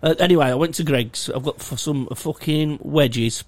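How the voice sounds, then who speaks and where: A man's voice: fairly high pitch, normal speed, dry recording. A young man, rambling through a sweary, self-mocking story in casual chat. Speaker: podcast co-host.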